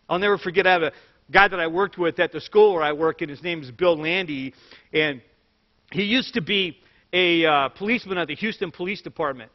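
A pastor with a high voice delivers a sermon a little fast, shifting between scripture and animated personal stories sprinkled with light jokes. A long hall echo surrounds him, and the recording is dull and lo-fi.

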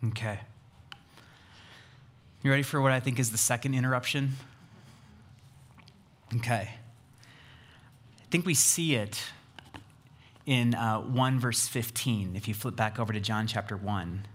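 A man's voice: mid-range voice, measured pace, long pauses, fairly bright tone. A man preaching a sermon as a pastor, talking emphatically, building in intensity and putting questions to his listeners.

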